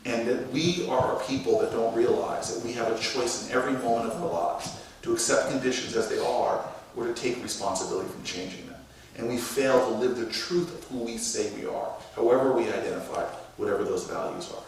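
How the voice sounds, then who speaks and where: A man telling a story on stage with animated delivery, acting out shouted quotes, from the United States. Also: medium pitch, a little fast. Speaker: mayor and speaker. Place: large lecture hall. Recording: echoey hall from far off, noisy.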